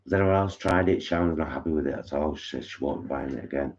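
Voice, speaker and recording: A man with an extremely low, gravelly voice chats frankly on a home live stream, reading viewer comments and rambling with fillers. The sound is dull and lo-fi. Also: fast, darkish tone. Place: living room at home.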